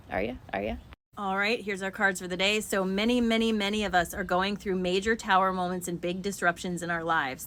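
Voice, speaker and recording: A woman's voice: on the low side, fairly bright tone, slight background noise. A woman talking casually to her viewers in a spiritual energy update, chatty and direct.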